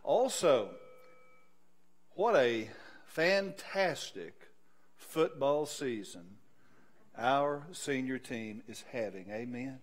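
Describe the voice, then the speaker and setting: A man, a pastor giving a sermon, building from quiet announcements to loud, slow, emphatic preaching. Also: mid-range voice, lively intonation.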